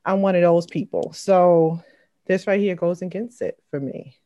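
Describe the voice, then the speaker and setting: A woman's voice: on the low side, fairly even intonation, moderate pace, mellow, lo-fi sound. A woman speaking earnestly and firmly about her own beliefs in a candid conversation.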